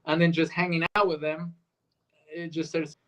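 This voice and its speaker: Middle-aged Argentine man with a Spanish-speaking accent; animated interview guest, slightly raised pitch. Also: normal speed, low-quality recording. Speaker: voice actor guest. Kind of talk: casual interview chat.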